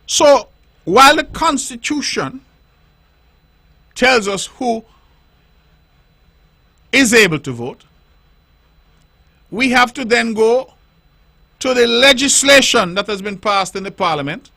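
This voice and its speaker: Emphatic middle-aged radio host. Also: male voice, extremely high pitch, lively intonation, bright, forceful tone, no room sound. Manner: emphatic, deliberate, explains point by point and repeats for stress. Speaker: politician hosting a radio call-in show. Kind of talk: radio talk monologue. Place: radio studio.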